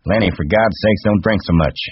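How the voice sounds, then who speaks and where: A man's voice: low-pitched, brisk, breathy edge, no echo, dull audio, voice pushed up. A man voicing a small, wiry ranch hand who is weary and irritable, speaking sharply and in a scolding tone. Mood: exasperated. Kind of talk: audiobook character voice.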